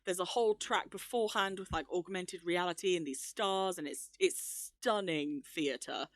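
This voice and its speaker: A woman's voice: lowish voice, normal speed, dry recording. Chatty enthusiastic woman. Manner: enthusiastic, chatty, laughs often. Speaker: podcast co-host. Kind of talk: casual chat.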